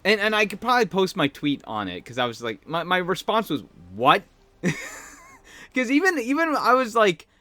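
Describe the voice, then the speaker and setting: Male podcast host, slightly high voice, excitable and laughing, just getting over a cold. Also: normal speed, dry recording. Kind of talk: casual solo podcast commentary.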